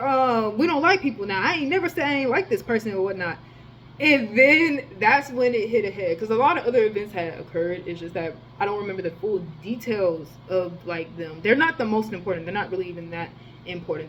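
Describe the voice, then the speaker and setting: A woman's voice: mid-range voice, slight background noise, low-quality recording. A young woman telling a storytime vlog in a rambling, profane way, full of fillers. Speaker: storytime vlogger. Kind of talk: casual storytelling.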